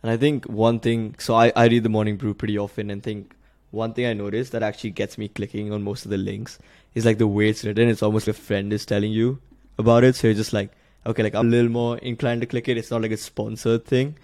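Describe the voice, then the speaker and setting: A man's voice: fairly low pitch, little pitch movement, quick pace, a little mellow, no room sound. A young man in his twenties, a college student hosting a podcast, asking casual, curious questions full of "like". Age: 20s. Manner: casual and curious, many "like" fillers. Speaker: podcast host.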